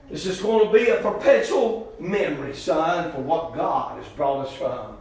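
A man preaching a folksy, impassioned sermon, swinging from loud exhortation to hushed intensity. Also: fairly high pitch, lively intonation, normal speed, creaky, few pauses. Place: church sanctuary. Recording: very echoey church hall.

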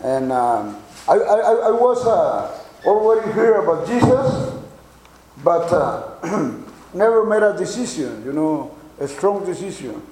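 Older man, Mexican accent, high but mellow voice, halting preacher testimony in an echoey church. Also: sing-song, slight background noise. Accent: Mexican Spanish. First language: Spanish. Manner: halting, many repeated words and fillers, chuckles.

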